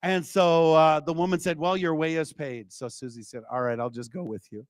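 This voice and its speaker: A male evangelist with a fairly high voice preaches a revival sermon, leaning on lively storytelling and calling out to the crowd. His voice is close and dry, with little room sound. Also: moderate pace, dry recording. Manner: lively storytelling with call-outs to the congregation. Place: church.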